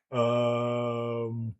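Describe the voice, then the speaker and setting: A man's voice: mid-range voice, a little mellow. A man live streaming, thinking aloud in a hesitant, musing way, trailing off and laughing between remarks.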